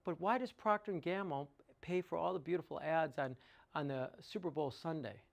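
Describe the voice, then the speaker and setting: Enthusiastic guy pitching water gear, doing the math out loud, voice sits kinda high. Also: moderate pace, gravelly. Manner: enthusiastic, works sums aloud, asks rhetorical questions. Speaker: water treatment educator and salesman. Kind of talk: informal sales presentation.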